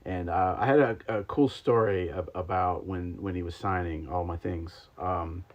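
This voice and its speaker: A man's voice: sits low, normal speed. A man hosting a livestream, chatting casually and rambling with lots of ums and likes while taste-testing sodas. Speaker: podcast host. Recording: slightly dull lo-fi stream audio.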